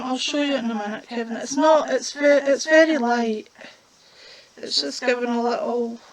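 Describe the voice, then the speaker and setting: A woman's voice: on the high side, a little hiss or hum, low-quality recording. A woman, chatting casually while demonstrating a colouring craft. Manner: chatty, unhurried, talks while working.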